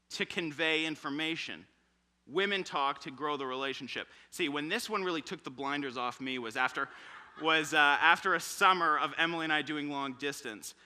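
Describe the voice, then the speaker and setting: Young man, bright sharp voice, fairly high, church sermon, animated storytelling. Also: normal speed. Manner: animated storytelling with acted quotes. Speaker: preacher.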